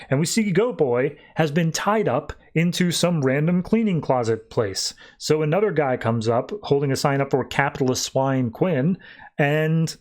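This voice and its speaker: A man hosting a podcast, retelling a comic plot in a rambling, wry, casual way with quick acted quotes. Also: on the high side. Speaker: podcast host. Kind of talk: casual comic book recap.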